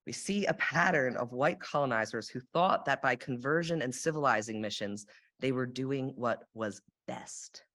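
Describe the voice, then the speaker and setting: A woman's voice: a bass voice, lively intonation, normal speed, fairly bright tone. A young woman giving a sermon in a church, reflective in tone and dropping dry sarcastic asides. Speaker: lay sermon speaker. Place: church sanctuary.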